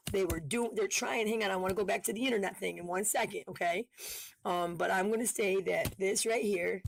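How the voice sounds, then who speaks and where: A woman commentator talking in a heated, fast way, swearing often. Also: mid-range voice, creaky, slight background noise. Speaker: online commentator. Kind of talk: casual commentary video.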